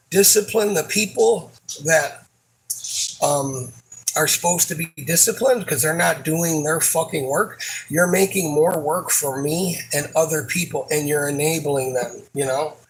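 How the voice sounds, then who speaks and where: A man with a slightly high voice rants about his job in a loose, meandering way. He swears freely and keeps breaking off and restarting his sentences as his frustration spills out. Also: fairly bright tone, low-quality recording. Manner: frustrated, rambling, swears a lot; halting, many fillers and restarts. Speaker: supermarket worker. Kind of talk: casual venting monologue.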